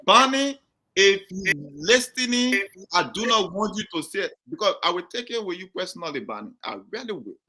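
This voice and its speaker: A man hosting a live call-in talk show, firm and repeating himself to calm callers. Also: sits high, fast talker, hardly any pauses, husky.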